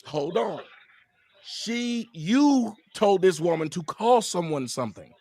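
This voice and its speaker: Combative high-voiced man arguing. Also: sing-song, slow, darkish tone, dry recording. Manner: combative, profane, talks over others. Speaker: show host. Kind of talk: heated panel argument.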